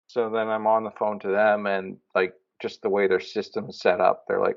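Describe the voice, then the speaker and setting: A man co-hosting a podcast, chatting casually and telling rambling, excitable stories. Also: on the low side, moderate pace, creaky, hardly any pauses. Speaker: podcast co-host. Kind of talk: casual chat. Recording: dull lo-fi sound.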